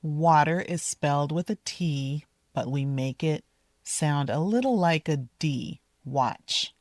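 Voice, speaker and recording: Walking her dog outdoors in a park, a woman with a low voice teaches English pronunciation at a relaxed, slow pace. She repeats each model word carefully and deliberately, and the sound is close and dry with no room echo.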